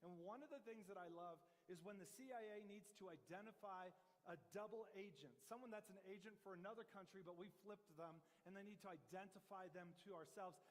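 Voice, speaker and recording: A man's voice: high voice, in a large hall. A man preaching a sermon as pastor, in a conversational, joking storytelling manner. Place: church sanctuary.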